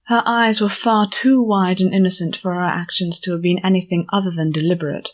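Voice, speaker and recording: A woman narrating an audiobook chapter in a measured storytelling manner. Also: on the low side, steady tone. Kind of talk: scripted narration.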